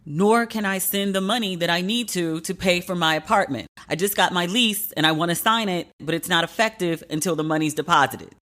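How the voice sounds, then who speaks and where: A woman around forty hosting a solo podcast, talking in an animated, profane, venting way. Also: on the low side, brisk, hardly any pauses. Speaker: podcast host.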